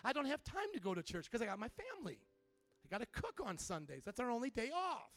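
Male preacher doing a stubborn busy mother, indignant and self-justifying, dry close sound, high voice. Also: wildly swooping pitch, fast, fairly bright tone, no echo, faint music behind, heavily acted. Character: stubborn busy mother who puts family first.

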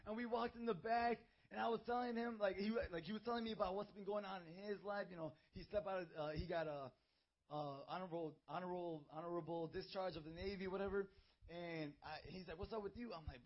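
A young man preaching a youth sermon into a handheld mic, emphatic and building to shouts. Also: high-pitched, fairly even intonation, brisk. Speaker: youth pastor. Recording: dull lo-fi recording.

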